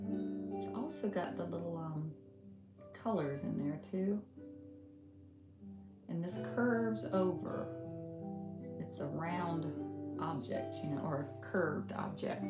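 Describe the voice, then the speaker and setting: A middle-aged woman from Western North Carolina with a Southern accent, teaching a casual live painting tutorial, thinking aloud with many ums and soft laughs. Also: lowish voice. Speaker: art instructor. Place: home art studio. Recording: roomy studio with guitar music behind.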